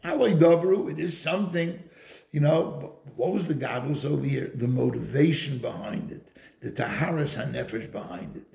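A man's voice: mid-range voice, normal speed, vocal fry, darkish tone, echoey room. A man giving a Torah lecture in English, weaving Hebrew and Yiddish terms into his storytelling. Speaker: Torah teacher.

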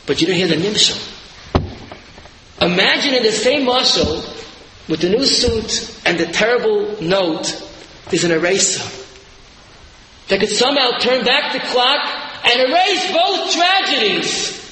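Male preacher, animated storyteller, high and bright, in an echoey hall. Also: unhurried, slight background noise. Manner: animated storytelling, rising to shouted emphasis. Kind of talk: sermon.

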